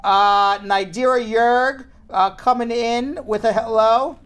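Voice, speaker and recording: A man's voice: extremely high pitch, slow pace, fairly bright tone, clear, resonant tone. A man in his forties hosting a live talk show, joking and chatting casually as he reads out viewer names. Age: 40s. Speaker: talk show host and lawyer.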